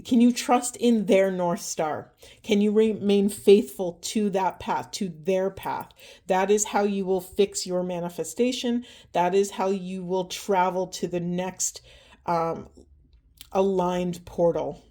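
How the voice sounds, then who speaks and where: Earnest woman with a mellow, fading voice. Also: mid-range voice, steady tone, a little slow. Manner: gentle, earnest, emotional, rhetorical questions. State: losing her voice. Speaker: tarot and oracle reader. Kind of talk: spiritual card reading monologue.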